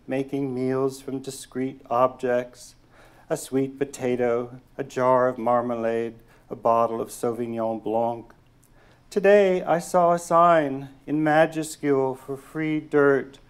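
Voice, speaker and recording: A man reads his own poems at a slow, unhurried pace, his pitch sitting in an ordinary middle range. Between poems he talks hesitantly with small fillers, then settles into a careful, measured reading of the verse. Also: smooth. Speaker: poet reading his work. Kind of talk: poetry reading. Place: lecture hall.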